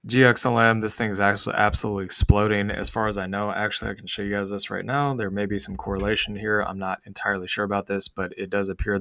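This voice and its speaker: A man's voice: on the low side, a bit bright, no room sound, clean studio sound. A male host giving casual market commentary over charts, laid-back and slangy with sarcastic asides.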